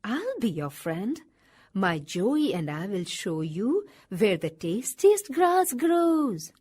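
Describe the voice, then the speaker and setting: A woman voicing a tender-hearted, protective mother kangaroo in a gentle, caring way, in a storybook reading. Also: very animated, slow, husky, full character voice. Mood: kindly. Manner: gentle, caring, rising pitch.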